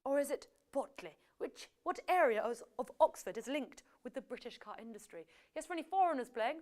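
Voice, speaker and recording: A woman's voice: high voice, animated, brisk. A young woman hosting a live quiz show, chatty and playful, with self-correcting asides. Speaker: quiz host.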